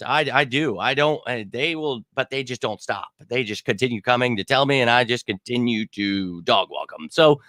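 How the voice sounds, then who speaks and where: Male fan-show host, heated and profane, rambles and hollers, bright edge, dead-dry mic. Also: medium pitch, dry recording. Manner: heated, swearing, rambling, shouts out commenters. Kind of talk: live fan Q&A stream.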